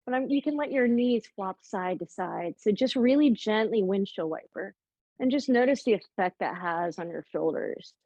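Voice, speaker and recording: A woman's voice: medium pitch, a little mellow, no room sound, dull audio. A woman teaching a yoga class, guiding poses in an upbeat, playful way and sometimes talking while holding a pose herself. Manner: upbeat and playful, with light jokes. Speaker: yoga instructor. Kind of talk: guided yoga class instruction.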